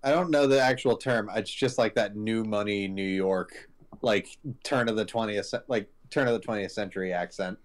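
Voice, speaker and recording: A man's voice: on the low side, normal speed. A man streaming a horror game, reacting and thinking aloud as he plays, swearing often. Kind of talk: casual live gaming chat.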